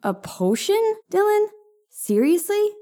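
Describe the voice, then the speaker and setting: A man's voice: very high voice, very animated, slow, dark tone, voice pushed up, heavily acted. A man reading a story and voicing a sarcastic young woman who is a witch, teasing her friend. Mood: wry. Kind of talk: audiobook narration.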